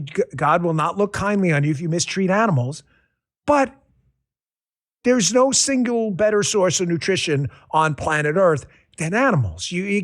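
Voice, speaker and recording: A middle-aged man from New York hosting a podcast, talking in a loose, joking way with rambling asides. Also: sits high. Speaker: podcast host. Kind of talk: casual political podcast talk.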